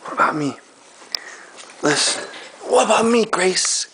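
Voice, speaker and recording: A man's voice: high voice, animated, a little slow, noisy background. A man doing playful, sing-song baby talk to his infant daughter while filming her on a handheld home camera at home.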